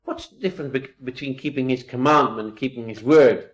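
A man's voice: mid-range voice, fairly quick. A man preaching an expository Bible sermon, reading old-style scripture aloud and stressing key points with earnest rhetorical questions. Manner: quotes old-style scripture and builds to emphatic rises.

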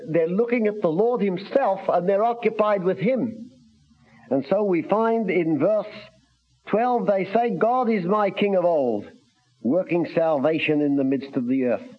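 An earnest man preaches a measured sermon, reading scripture in old-fashioned wording. His voice sits a little high. The sound is dull and lo-fi, like an old radio broadcast.

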